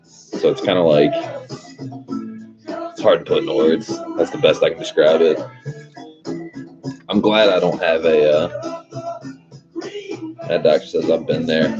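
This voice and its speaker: A young man hosting a livestream, telling stories in a casual, profane, laid-back way. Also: low-pitched. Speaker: livestream host. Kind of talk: casual rambling chat. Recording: dull lo-fi stream audio with music behind.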